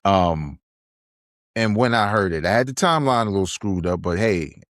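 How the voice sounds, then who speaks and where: A man's voice: low-pitched, animated, moderate pace, no room sound, studio quality. A man, hosting a podcast and chatting casually, telling stories animatedly and acting out quotes. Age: 40s. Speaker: podcast host. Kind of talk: casual review chat.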